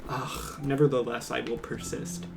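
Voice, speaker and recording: A man's voice: mid-range voice, level tone, moderate pace, creaky. A goofy young man streaming gameplay commentary, sarcastic, swearing and laughing often. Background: game music.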